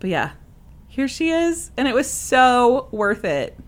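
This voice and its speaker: A young woman co-hosting a podcast, chatting casually and telling a personal story with lively acted-out quotes. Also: high voice, slow pace. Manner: animated storyteller, acts out quoted voices. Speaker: podcast co-host. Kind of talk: casual chat.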